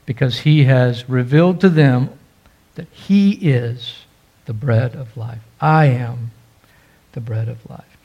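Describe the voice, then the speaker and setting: A man's voice: mid-range voice, slow, breathy edge, dull audio. A man preaching a sermon as pastor, stressing key phrases emphatically.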